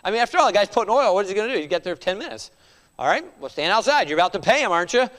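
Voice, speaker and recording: Male preacher, conversational sermon, high and very expressive voice. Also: racing, big-room sound. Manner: animated, conversational, with frequent chuckles and rhetorical asides.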